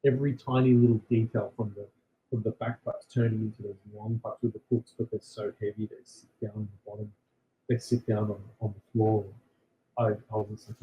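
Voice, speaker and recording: A man, a creature concept artist, telling candid, animated stories in a casual interview, swearing freely and using lots of fillers. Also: fairly low pitch, fairly quick. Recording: dull lo-fi audio with faint noise.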